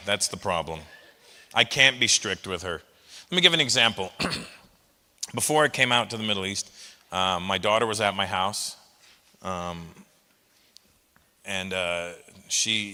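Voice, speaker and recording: A middle-aged man doing a stand-up comedy set, animated and breaking into loud shouted impressions. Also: lowish voice. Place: live comedy venue with an audience. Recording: long reverb of a large hall.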